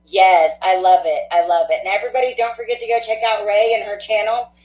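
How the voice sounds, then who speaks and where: A woman hosting a spiritual card-reading livestream, chatting warmly and laughing often, with a stuffy nose. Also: medium pitch, fairly even intonation, quick pace. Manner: affectionate, chatty, laughs often, many fillers. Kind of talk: casual livestream sign-off chat. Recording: echoey room.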